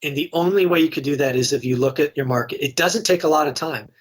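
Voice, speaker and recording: Husky-voiced middle-aged investor, candid. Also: male voice, a little high, fast talker. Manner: candid, conversational, many restarts. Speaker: real estate investor and guest. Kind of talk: casual podcast interview storytelling.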